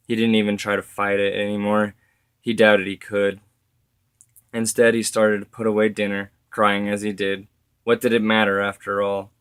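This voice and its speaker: A man reading his story aloud as narrator, steady with occasional self-corrections. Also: lowish voice, moderate pace, clear, resonant tone, no room sound.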